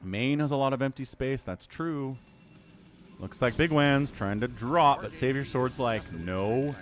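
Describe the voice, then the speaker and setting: A man's voice: medium pitch, measured pace, a little hiss or hum. A man streaming casual game commentary, sarcastic and rambling as he talks to his chat. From United States. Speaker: esports caster and streamer.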